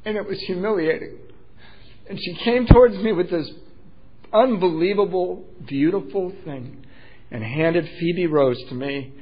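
Man telling his story, slightly high voice. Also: unhurried, slightly rough, highs cut off. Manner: candid and self-deprecating, with wry humor. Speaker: speaker sharing his recovery story. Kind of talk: personal storytelling talk.

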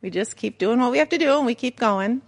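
A woman's voice: a little high, expressive, fast talker. A middle-aged woman giving a candid personal testimony to a recovery group, storytelling with self-mocking humor. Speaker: recovery meeting speaker.

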